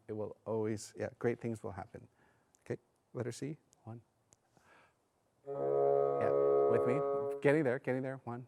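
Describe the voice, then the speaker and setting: A man coaching a bassoon section in rehearsal, singing phrases aloud between hesitant spoken notes. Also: fairly even intonation, a little slow, gravelly, long pauses, dark tone, faint music behind.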